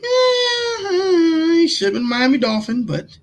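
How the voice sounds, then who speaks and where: Animated, fired-up man. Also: on the high side, normal speed, faint music behind. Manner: animated and emphatic, repeats himself, swears freely; reacts to chat viewers by name. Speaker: livestream host grading draft picks. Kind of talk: casual livestream commentary.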